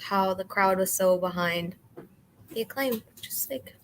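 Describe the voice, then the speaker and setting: A woman on a podcast panel, giving relaxed, hesitant opinions with fillers. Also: medium pitch, unhurried, a little hiss or hum, poor audio. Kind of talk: casual podcast chat.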